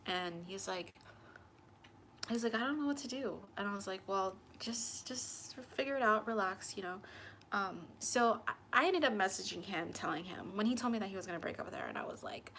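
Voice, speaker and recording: Animated woman telling a personal story. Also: medium pitch, a little hiss or hum. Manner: animated, acts out both sides of conversations. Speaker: tarot channel host. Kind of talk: casual storytelling to camera.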